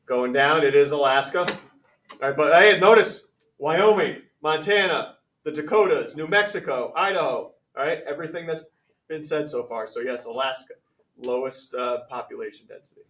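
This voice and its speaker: Upbeat New teacher in echoey classroom. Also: male voice, a little high, moderate pace, a bit bright, far from the mic. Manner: upbeat, conversational, calls on students by name. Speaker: math teacher. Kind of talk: classroom lesson.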